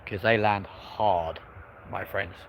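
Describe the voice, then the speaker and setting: A low, gravelly voice with a fairly bright tone speaks slowly and steadily over a slight hiss or hum. It belongs to a plane spotter streaming live on his phone outside an airport, offering cheerful, talkative commentary to viewers he calls friends and folks.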